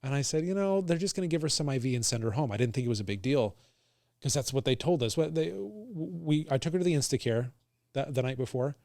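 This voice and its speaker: A man's voice: mid-range voice, expressive, darkish tone, dry recording, clean studio sound. Earnest man retelling a hard morning. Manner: earnest, halting, with many restarts. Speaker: guest sharing his story. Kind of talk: casual conversation.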